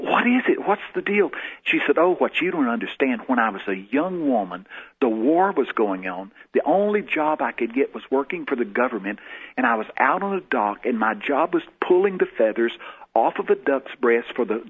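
A man's voice: mid-range voice, animated, a little fast, slightly rough. A man, a guest minister, telling a testimony in a folksy storytelling way. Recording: tinny phone-like radio broadcast.

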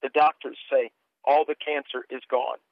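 A man's voice: mid-range voice, steady tone, normal speed, creaky, no echo. A man who is a minister giving an impassioned, earnest testimony as a guest, telling emotional stories and speaking prophetic words to listeners. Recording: tinny phone-like dry sound.

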